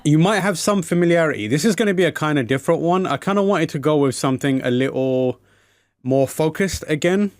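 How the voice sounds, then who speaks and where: A man's voice: on the high side, expressive, fairly quick, dry recording, studio quality. A man hosting a casual online chat show, talking loosely with lots of fillers and a playful tone. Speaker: podcast host.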